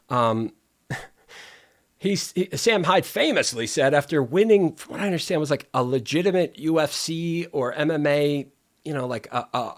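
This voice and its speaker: A man hosting a live stream, rambling casually with lots of restarts and playful alliteration. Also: on the high side. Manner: rambling, wordplay-loving, self-interrupting.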